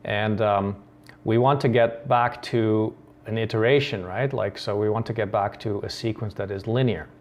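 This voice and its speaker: A man's voice: lowish voice, steady tone, moderate pace. A man from the Netherlands hosting a coding tutorial, thinking aloud with many ums and restarts. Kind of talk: screen-recorded coding tutorial.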